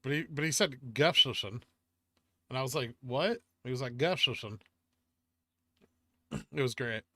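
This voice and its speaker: A man hosts a relaxed livestream, reading out and answering viewer questions in an offhand, easygoing way. His voice is bright and forward, recorded dry and close with no room around it. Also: mid-range voice, moderate pace, dry recording. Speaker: livestream host reading chat. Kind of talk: casual livestream chat.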